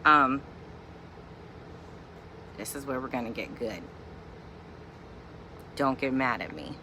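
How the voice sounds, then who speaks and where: A woman's voice: rumbling low, lively intonation, slow, background noise. A middle-aged woman and mother from Virginia, ranting in a chatty, exasperated, humorous way in a casual vlog at home. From Virginia, USA. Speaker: vlogger and mother.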